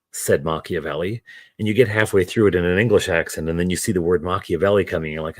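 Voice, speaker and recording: A man with a low voice hosts a crafting stream and chats as he works. He wanders from story to story and jokes at his own expense. His voice sounds close and dry, with no room echo. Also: fairly quick. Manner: meandering, self-deprecating. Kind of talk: casual chat while crafting.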